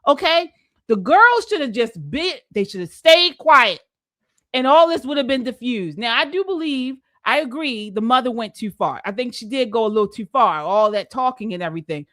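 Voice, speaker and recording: A woman hosting a live panel talk, giving her opinions in a lively, outspoken way. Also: on the high side, moderate pace, no room sound, studio quality. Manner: animated, opinionated. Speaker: show host.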